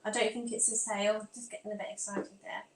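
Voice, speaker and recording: A woman's voice: mid-range voice, little pitch movement, quick pace. A woman from England, her accent close to standard southern English, hosts a casual live stream from home. She rambles along, talking to herself as she sorts out her phone and laptop. Her voice carries a roomy echo, with a faint hum of ambience behind it. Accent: southern English, near standard. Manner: chatty, scattered, talks to herself while fiddling with devices. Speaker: vlogger hosting a live stream. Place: room at home. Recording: echoey room with faint ambience.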